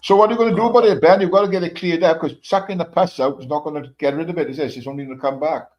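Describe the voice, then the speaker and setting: A man's voice: fairly high pitch, racing, a little mellow. A man giving blunt, matter-of-fact advice in casual chat. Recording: dull lo-fi sound.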